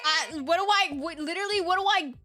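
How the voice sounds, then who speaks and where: A young woman giving casual, playful gameplay commentary as a YouTuber, chatty and quick to giggle. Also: very high-pitched. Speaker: gaming YouTuber. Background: game music.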